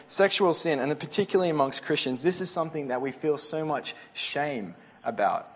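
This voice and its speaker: A young man giving a sermon, earnest and conversational, often restarting his sentences. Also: on the high side. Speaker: preacher. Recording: reverberant hall.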